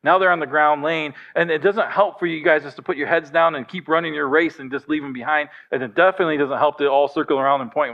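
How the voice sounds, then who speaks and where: A middle-aged pastor preaching in an easygoing, chatty way and joking at his own expense. His voice sits a little high for a man. The recording sounds dull and lo-fi. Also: steady tone, quick pace, hardly any pauses. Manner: conversational storytelling with self-deprecating humor. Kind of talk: sermon.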